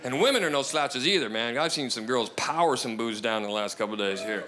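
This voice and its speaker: A man's voice: medium pitch, animated, fast talker. A man doing a stand-up routine with mocking, crude banter. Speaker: stand-up comedian. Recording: live stand-up with loud crowd and noise. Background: audience laughter.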